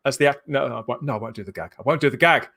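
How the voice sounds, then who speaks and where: A man's voice: medium pitch, rapid-fire, fairly bright tone. A man hosting a live fan show, chatty and jokey, laughing often as he greets viewers. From England. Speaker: livestream host. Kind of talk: casual live show chat.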